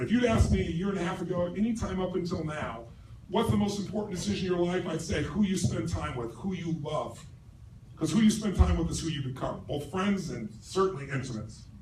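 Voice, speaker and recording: A middle-aged man giving a live seminar speech to a large audience, forceful and profane, asking the crowd questions. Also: fairly high pitch. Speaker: motivational speaker. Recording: roomy stage recording from far off, noisy.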